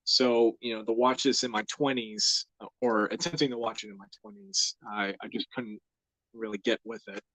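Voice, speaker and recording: A man's voice: medium pitch, normal speed, dry recording. Easygoing young American man streaming live. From United States. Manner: rambling and easygoing, with many fillers and soft laughs. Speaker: host of a live drawing stream. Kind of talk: casual live-stream chat.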